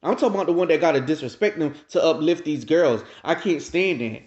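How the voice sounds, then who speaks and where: A man's voice: on the high side, a little fast, a little mellow. A man hosting his own commentary video, ranting emphatically and talking straight to his viewers. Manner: addresses viewers directly. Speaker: commentary channel host. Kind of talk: casual reaction commentary. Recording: roomy, dull lo-fi sound.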